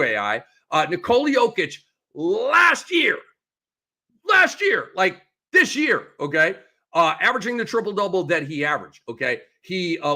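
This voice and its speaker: A middle-aged man hosts a sports show alone, ranting with excitable swings in volume. His voice sits high and bright. It leaps around with a lively, bouncing pitch. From lives in the Tampa Bay area. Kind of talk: animated solo sports commentary.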